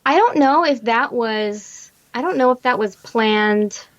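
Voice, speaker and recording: A woman's voice: on the high side, lively intonation, measured pace. A woman co-hosting a podcast, recapping a show in chatty, rambling talk and laughing often. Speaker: podcast co-host. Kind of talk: casual recap chat. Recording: muffled lo-fi audio.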